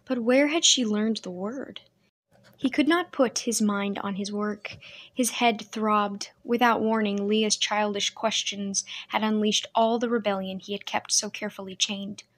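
A woman reads a novel aloud in a steady, measured way. Her voice sits in a middle range for a woman. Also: mid-range voice. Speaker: audiobook narrator. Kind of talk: scripted narration.

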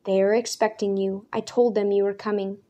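A woman reading the part of a self-assured man who speaks briskly, in her own voice. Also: mid-range voice, level tone, mellow, lightly acted.

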